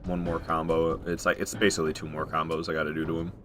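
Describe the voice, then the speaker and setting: A man streaming a video game, giving excitable live commentary as he plays. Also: a bass voice, fast, music in the background. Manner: excitable, animated, laughing and groaning at the game.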